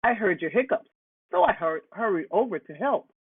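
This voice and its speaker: An eager, helpful hen from a picture book, voiced by the storyteller. She talks softly and kindly. The recording is thin and phone-like, with no room sound. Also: medium pitch, expressive, normal speed, husky, dry recording, voice pushed up. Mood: friendly. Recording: tinny phone-like, dry.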